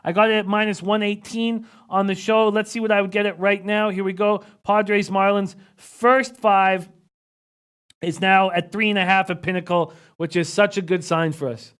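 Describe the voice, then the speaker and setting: A man with a fairly high voice hosts a live betting stream, running through odds, averages and line moves. He talks quietly and close to the mic, and he keeps the numbers coming fast. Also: fairly even intonation, clear, resonant tone. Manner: rapid stat-heavy rundown, reads out chat comments. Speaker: sports betting analyst.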